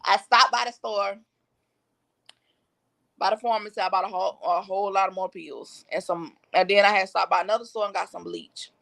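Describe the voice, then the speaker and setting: A woman talking as a podcast guest, telling her own story in a blunt, slangy, matter-of-fact way. Her voice has a gravelly edge and a bright, forceful tone, sitting at an average pitch. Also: steady tone, moderate pace. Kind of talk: candid personal storytelling.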